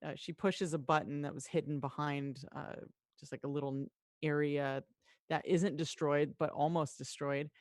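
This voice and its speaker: A woman narrating as game master of a tabletop game, lively and quick to voice the townsfolk. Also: low-pitched, no echo, studio quality.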